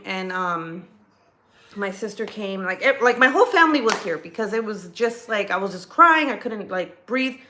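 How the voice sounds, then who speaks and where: A woman's voice: medium pitch, bright, forceful tone. A woman chatting casually at home, telling a personal story with lots of fillers, restarts and swearing. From California. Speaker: livestream host. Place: home kitchen.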